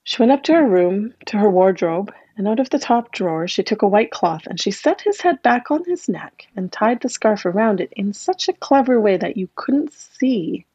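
A woman telling a fairy tale dramatically, with asides to her listeners, slowing down for effect. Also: medium pitch, darkish tone, husky, no room sound. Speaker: storyteller.

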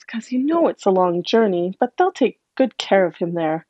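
A woman telling a fairy tale dramatically, with asides to her listeners, slowing down for effect. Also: medium pitch, sing-song, warm tone, no echo, highs cut off. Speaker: storyteller.

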